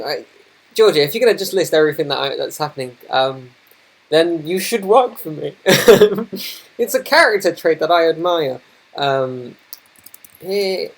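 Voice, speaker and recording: Young guy, slightly high voice, casual live-stream chat, keeps apologizing and restarting sentences. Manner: flustered, apologetic, rambling with many restarts. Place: indoors at his computer. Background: noisy laptop fan.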